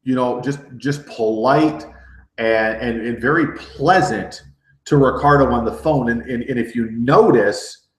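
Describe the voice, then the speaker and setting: A middle-aged man leads a live sales training, talking with energy and tossing in frequent "okay?" checks. He stumbles and repeats words as he goes, and his voice has an average pitch. The recording has a noticeably roomy echo. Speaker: network marketing trainer.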